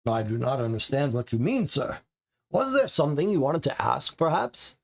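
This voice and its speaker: A man's voice: medium pitch, sing-song, moderate pace, gravelly. A man voicing a stiff, coldly polite older butler who is easily offended, in a tabletop game. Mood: haughty. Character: stiff, haughty older male English butler.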